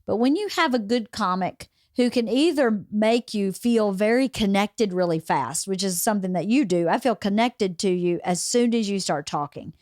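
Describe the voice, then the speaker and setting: A woman's voice: mid-range voice, normal speed, hardly any pauses, a little mellow, no room sound, studio quality. A woman with a Southern American accent hosting a casual podcast interview, chatty and acting out quoted voices. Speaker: podcast host.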